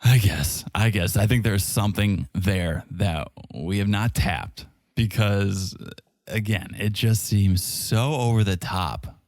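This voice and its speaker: A man's voice: fairly low pitch, a little mellow, dry recording, clean studio sound. A man co-hosting a podcast in casual chat, telling stories animatedly and acting out the quotes. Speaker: podcast co-host. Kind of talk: casual chat recapping a reality show.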